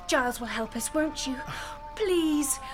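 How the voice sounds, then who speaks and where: Actress for a high, commanding young lady; headstrong, urgent, radio drama. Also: animated, a little slow, music in the background. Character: bossy headstrong young woman of a past era.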